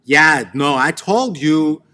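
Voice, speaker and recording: A man's voice: on the high side, expressive, takes it slowly, sharp tone, voice pushed up, heavily acted. A man voicing a worried, furious middle-aged mother who scolds her son sharply, then tenderly. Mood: stern.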